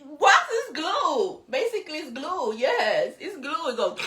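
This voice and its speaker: A high, lively woman with a Spanish accent, chatting in a giggly, bawdy way and slipping between Spanish and English. Her voice is bright and sharp, and it rings in an echoey room. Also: slow pace. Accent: Spanish-speaking. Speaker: co-host. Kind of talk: casual chat.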